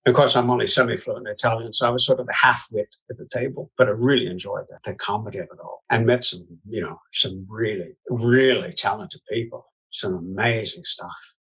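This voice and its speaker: This American puppeteer from Iowa chats briskly in a storytelling interview, hardly pausing, full of laughter, asides and "you know"s. His lowish voice is a bit bright and slightly rough with fairly even intonation, captured on a low-quality recording.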